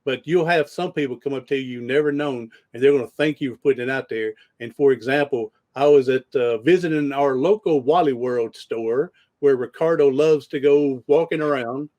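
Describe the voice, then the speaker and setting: A man's voice: medium pitch, normal speed, few pauses, darkish tone. A man hosting a podcast, telling rambling stories in casual conversation with frequent restarts. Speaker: podcast host.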